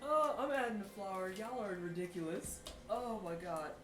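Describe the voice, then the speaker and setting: Faint music plays behind a woman who is baking on a livestream and chatting casually with viewers. Her medium-pitched voice is animated at a normal speed, and she giggles, teases, and exclaims frequently.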